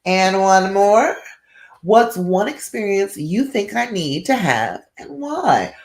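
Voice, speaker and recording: A woman's voice: medium pitch, lively intonation, slow. Woman coach in a roomy echo. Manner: direct, keeps checking in with "all right?". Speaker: relationship coach. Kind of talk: live-stream advice talk.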